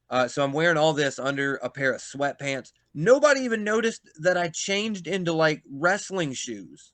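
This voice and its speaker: Bright-voiced man telling a story. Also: a little high, normal speed, few pauses, no room sound. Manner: animated, swearing, acts out quotes in loud bursts. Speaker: pro wrestler, podcast guest. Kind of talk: casual storytelling chat.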